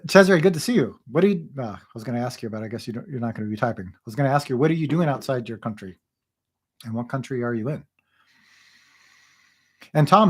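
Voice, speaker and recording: A man's voice: mid-range voice, breathy edge. Chatty man hosting a livestream. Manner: reads viewer comments aloud, chatty and laughing often. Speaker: livestream co-host. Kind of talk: casual livestream chat.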